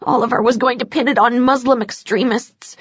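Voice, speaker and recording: A woman narrating an audiobook voices a cornered male henchman who spills a scheme in a rushed, snide confession. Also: on the high side, steady tone, slightly rough, no echo. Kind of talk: audiobook character voice.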